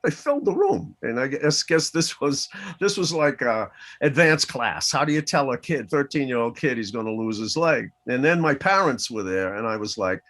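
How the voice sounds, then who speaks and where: A man's voice: mid-range voice, moderate pace. A man in his sixties from the Boston area, telling a personal story in an interview and acting out the dialogue in voices. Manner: animated, acts out dialogue in voices. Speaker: interview guest.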